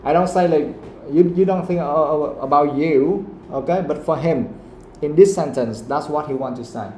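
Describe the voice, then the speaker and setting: A man with a Vietnamese accent teaches an English class, repeating and rephrasing his points. His voice is warm and dark. It sounds like an echoey room. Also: fairly high pitch, normal speed, slight background noise. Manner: explains patiently, repeats himself, switches into Vietnamese to clarify. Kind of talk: live classroom lesson.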